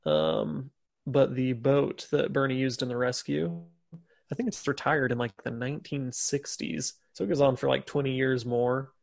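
A man's voice: mid-range voice, lively intonation, moderate pace, gravelly. A man co-hosting a podcast, telling a history story in a chatty way with lots of fillers and laughs. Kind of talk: casual podcast chat.

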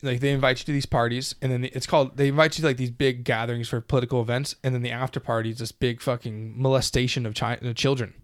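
A man co-hosting a casual podcast, animated and rambling, swearing constantly as he talks. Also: mid-range voice, quick pace, few pauses, no echo, studio quality. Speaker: podcast co-host.

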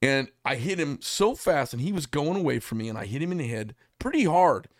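A man's voice: fairly high pitch, very animated, brisk, no room sound, studio quality. Rambling male host from Arizona. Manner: rambling, filler-heavy storyteller. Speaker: podcast host. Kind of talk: casual storytelling chat. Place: studio.

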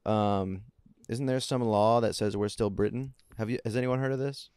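Mock-grand joking podcast co-host. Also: male voice, on the low side, steady tone, normal speed, a little mellow, clean tone, dry recording. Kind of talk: casual comedic chat. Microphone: video call.

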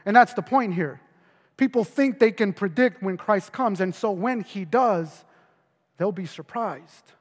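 A man with a very high voice preaches an earnest sermon, often stumbling over repeated words. He sinks low and quiet to drive points home. The sound carries a long hall reverb. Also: lively intonation, a little slow. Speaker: pastor.

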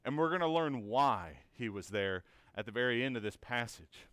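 Smooth-voiced man teaching a Bible lesson. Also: mid-range voice, lively intonation, normal speed, fairly bright tone, no echo, clean studio sound. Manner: asks rhetorical questions, often tagged with "right?"; earnest and encouraging.

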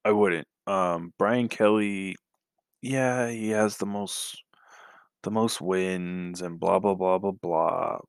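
A man's voice: low-pitched, steady tone, takes it slowly, creaky, smooth, no echo. A man co-hosting a casual sports podcast, talking hesitantly with lots of fillers and sighs.

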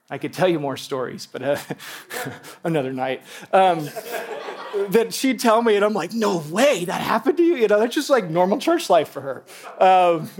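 A pastor preaching to a congregation in church, telling stories with lively asides and laughter and speaking straight to the people in front of him. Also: male voice, on the high side. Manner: animated storytelling with asides and laughter. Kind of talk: sermon.

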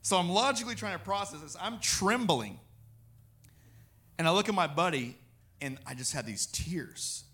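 A man preaching a personal testimony, telling his story in an animated way and acting out what he said. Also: high voice, moderate pace, long pauses.

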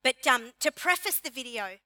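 Aussie lady pastor preaching, animated and emphatic, dry close sound. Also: high voice, normal speed, no room sound. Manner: animated, emphatic, repeats key phrases. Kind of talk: sermon. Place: church.

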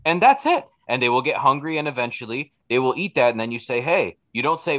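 A man's voice: mid-range voice, sing-song, fast, few pauses, a bit bright. A middle-aged man in a casual podcast conversation, blunt and profane, acting out little bits of dialogue as he tells stories. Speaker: podcast guest.

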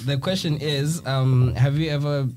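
A man's voice: on the high side, fairly even intonation, unhurried, a little mellow. A man co-hosting a casual podcast, leading the segment and reading out a thread. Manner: leads segments, reads out a thread, laughs often. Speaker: podcast co-host. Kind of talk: casual group chat.

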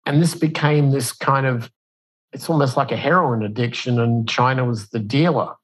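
A man appearing as an interview guest casually spins a long explanation as if telling a story, at a moderate pace. He's an animated storyteller who occasionally stumbles and restarts, uses fillers, and raises his voice high when acting out what others said. The recording quality is low.

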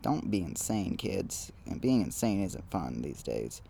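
A young man hosting a casual solo podcast outdoors, rambling and self-deprecating, with frequent halting restarts. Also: low voice, big pitch swings, vocal fry, warm tone, a little hiss or hum. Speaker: podcast host.

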